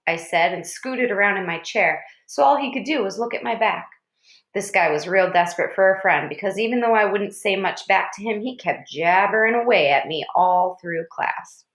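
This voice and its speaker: A woman narrating a children's novel in a measured storytelling voice. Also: mid-range voice, a bit bright. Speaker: audiobook reader. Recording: roomy echo.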